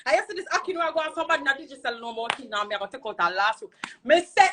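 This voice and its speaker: High, lively Jamaican woman ranting. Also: fast. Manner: animated, heated, patois-heavy storytelling. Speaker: social media personality. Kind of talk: emotional storytime vlog.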